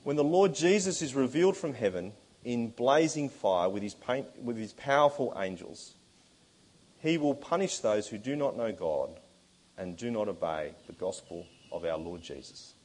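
A man with a husky, breathy voice delivers a sermon. He speaks in an earnest, emphatic way at a middle pitch for a man and slows down to press home the words he stresses. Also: expressive, darkish tone. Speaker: preacher.

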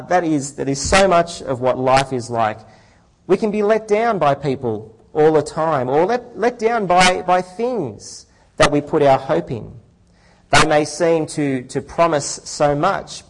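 Man, preacher, sermon, conversational, slightly high pitch. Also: low-quality recording. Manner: conversational, frequent fillers and restarts.

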